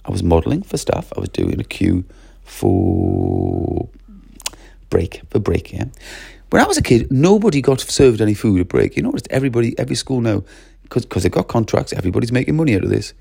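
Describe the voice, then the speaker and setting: A middle-aged man giving an expressive, lively training talk to teachers, acting out classroom voices as he goes. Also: on the low side, brisk, gravelly, husky, dry recording, clean studio sound.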